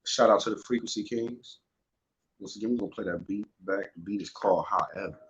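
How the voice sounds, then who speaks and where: A young man with a fairly low voice hosts an unedited podcast from home, talking a little fast, loosely, rambling, and swearing a lot. He's on an earphone headset, and the home recording sounds dull and lo-fi.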